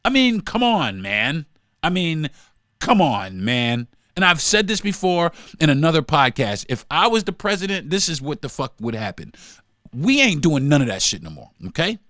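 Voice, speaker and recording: Fired-up man ranting, high lively voice. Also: moderate pace, no room sound, clean studio sound. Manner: heated, profane, swings between shouting and muttering. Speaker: podcast host. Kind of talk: profane ranting monologue.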